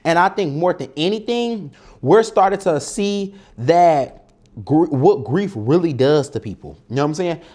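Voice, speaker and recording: Animated man talking while cooking. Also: fairly high pitch, normal speed. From Detroit. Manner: animated, blunt, swears a lot, mutters to himself at the stove. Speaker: cooking show host. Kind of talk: casual talk while cooking. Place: home kitchen.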